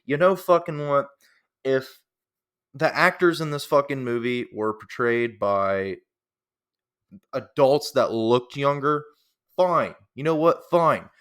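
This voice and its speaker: A man's voice: medium pitch, expressive, takes it slowly, long pauses, a bit bright, smooth. A man delivering an angry, profane reaction rant, repeating himself as he works himself up. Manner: heated, profane and repetitive. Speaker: reaction commentator.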